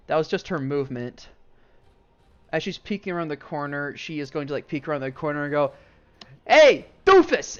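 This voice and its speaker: Over dull lo-fi stream audio with a little hiss or hum, a man serves as game master for a tabletop game, his loose narration packed with "like" and "um." His voice sits on the high side.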